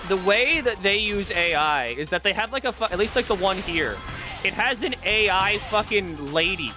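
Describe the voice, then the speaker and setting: A man streaming a video game, giving profane, animated commentary while he plays. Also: high-pitched, normal speed. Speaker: gaming streamer. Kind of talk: live-stream gameplay commentary. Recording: game music behind the voice.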